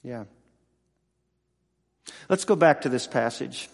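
A man in his sixties, a pastor and football chaplain, preaching a sermon with halting, emotional storytelling and many restarts. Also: a little high, long reverb tail. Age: 60s.

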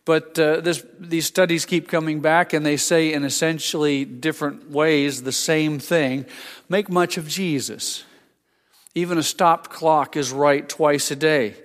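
An older male pastor delivers a sermon in a relaxed, conversational way, often restarting phrases and adding asides. His voice sits slightly high for a man. A long reverb hangs behind every sentence. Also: unhurried, few pauses.

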